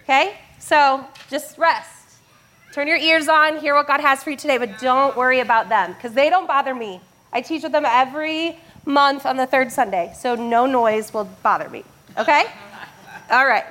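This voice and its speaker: A high, bright woman speaks from a church stage. She leads a family service in a playful way, laughs often and calls out to the crowd. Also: moderate pace. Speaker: children's church teacher leading family service. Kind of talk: lively family sermon talk.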